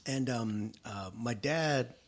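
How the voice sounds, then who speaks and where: A man's voice: mid-range voice, takes it slowly. A middle-aged man hosting a podcast, telling family stories in casual chat and acting out the voices of the people in them. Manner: animated, acts out quoted voices in his stories.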